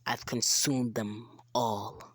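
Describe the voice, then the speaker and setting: Glitch, a young narrator doing a dark laggy symbiote. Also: medium pitch, level tone, slow, no room sound, clean studio sound. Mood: menacing. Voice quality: dark, lagging delivery. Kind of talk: amateur fan story narration.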